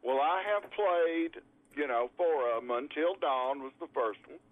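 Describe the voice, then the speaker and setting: A man calls in over a thin, tinny phone line, his voice pitched a bit high for a man. He rambles and circles back on his words with a wry, easygoing humor. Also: a little slow, a loud crowd. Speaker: caller. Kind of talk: casual chat on a call-in show.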